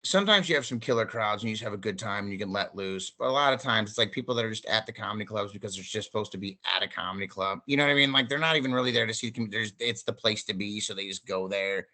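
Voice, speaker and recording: A man from St. Louis, a stand-up comedian co-hosting a podcast, telling stories in a rambling, animated way and swearing freely. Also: lowish voice, rapid-fire, hardly any pauses. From St. Louis, USA. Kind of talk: casual chat.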